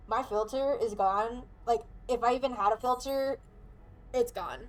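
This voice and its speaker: High-voiced young woman streamer ranting. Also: measured pace, soft background music. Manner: frustrated, swearing, exclaiming. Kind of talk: live gameplay commentary.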